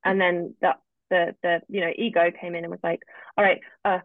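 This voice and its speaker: A woman's voice: fairly low pitch, little pitch movement, fairly quick, no echo. A woman, a guest telling her own story casually and often acting out what she said back then. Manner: chatty, often acts out her own past remarks. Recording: dry, tinny phone-like line.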